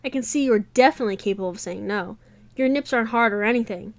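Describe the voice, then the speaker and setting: Woman putting on a blunt british gal pal, teasing and loud, dry recording. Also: fairly high pitch, fast, dry recording, natural voice.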